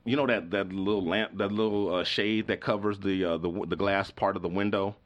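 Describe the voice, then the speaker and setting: A man's voice: deep voice, a little fast. A middle-aged man hosting a podcast, telling a long story in a loose, rambling way and acting out the voices of the people in it. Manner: animated, acts out the voices of people in his story; rambling, full of "like" and restarts. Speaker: podcast host. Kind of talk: casual storytelling.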